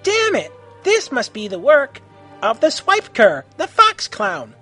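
A man's voice: extremely high pitch, wildly swooping pitch, measured pace, soft background music, voice pushed up, exaggerated voice. A man voicing a gritty, hot-tempered female vigilante hero who barks threats in an amateur audio story. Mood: angry. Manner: shouting, barking threats.

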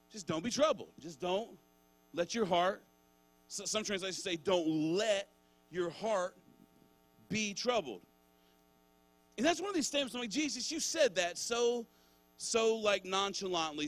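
A man's voice: high-pitched, a bit bright, poor audio. A man preaching as pastor, conversational and searching at times, then building to fervent emphasis. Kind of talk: sermon.

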